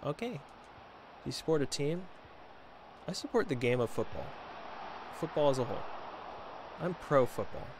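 Playing a football video game, this gaming video creator banters casually with viewers and addresses the on-screen players. His voice is on the high side with big pitch swings, a moderate pace, and long pauses, against some background noise.

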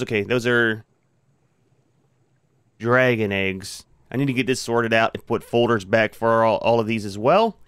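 A man's voice: medium pitch, dry recording. A man hosting a gaming channel, giving casual commentary as he plays and chatting to his creatures in a laid-back way.

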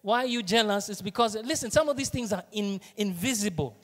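Kenyan male pastor, high voice, lively sermon delivery, echoing hall. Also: brisk. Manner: animated preaching, shifts between hushed asides and loud emphasis. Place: church auditorium.

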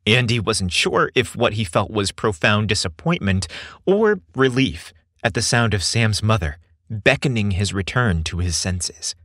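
Low, lively male story narrator. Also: moderate pace, dry recording, clean studio sound. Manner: expressive storytelling. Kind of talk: scripted narration.

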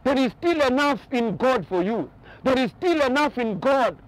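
Male pastor, very high voice, emphatic repetitive preaching style. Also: lively intonation, normal speed, rough recording. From Kenya. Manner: emphatic preaching with repeated phrases. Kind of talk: sermon. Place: outdoors on a boat by the ocean.

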